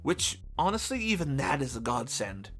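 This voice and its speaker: Wry game reviewer with lively pitch. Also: moderate pace. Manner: dry, wry humor. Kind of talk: scripted review voice-over. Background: faint game music.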